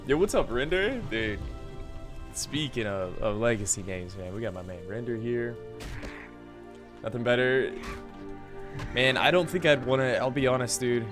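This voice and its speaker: A man's voice: mid-range voice, a little slow, pauses often. Laid-back male game streamer. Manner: relaxed, laughs often, says "dude" and "man". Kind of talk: casual live-stream chat. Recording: game music underneath. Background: game music.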